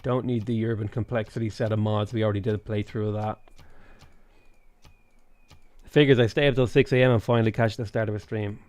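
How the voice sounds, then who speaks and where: A man's voice: fairly low pitch, steady tone, fairly quick, long pauses, a little mellow, no echo. An Irish man streaming a strategy game, chatting in a rambling, foul-mouthed way and reading out chat. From Ireland. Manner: rambling, swears freely, reads chat aloud. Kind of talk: casual chat while playing a strategy game.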